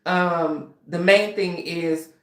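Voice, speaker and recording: A woman's voice: fairly low pitch, steady tone, extremely slow, roomy sound. A woman hosting her author channel, chatting casually and a bit nervously to viewers. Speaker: author and writing coach, channel host. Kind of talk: casual livestream talk to viewers.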